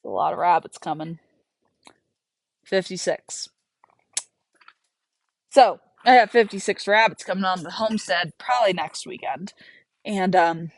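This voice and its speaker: A woman's voice: mid-range voice, dry recording. A young woman chatting casually and rambling while working outside a barn, laughing often. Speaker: homesteader and livestream host. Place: outdoors by a barn.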